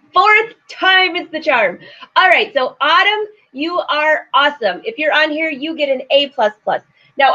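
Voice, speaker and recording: Chatty high-voiced woman sewing host. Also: a bit bright. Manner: chatty, laughing, reads viewer comments aloud. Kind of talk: casual live-stream chat. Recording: slightly dull lo-fi stream audio.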